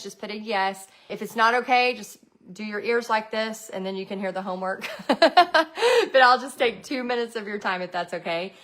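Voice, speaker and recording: A woman's voice: mid-range voice, fairly bright tone. A middle-aged woman coaching on a live stream, telling chatty personal stories and quoting people as she goes. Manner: chatty storyteller, quotes people in acted voices. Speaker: paint party business coach.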